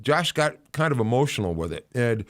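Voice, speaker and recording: A man hosting a casual livestream rant, talking in a loose, rambling storyteller's way that keeps doubling back over itself. His voice sits at an ordinary middle pitch, and the small softened studio keeps the sound dry and close. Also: very animated, brisk, no room sound. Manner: rambling storytelling with frequent restarts and fillers. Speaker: host.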